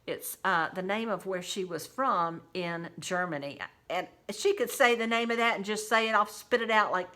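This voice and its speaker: A woman's voice: fairly low pitch, bright, forceful tone. A woman who works as a home caregiver, telling chatty, folksy, faith-filled stories and speaking straight to her listeners. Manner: chatty, folksy, quotes scripture. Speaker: home caregiver sharing memories. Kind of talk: casual faith-based storytelling.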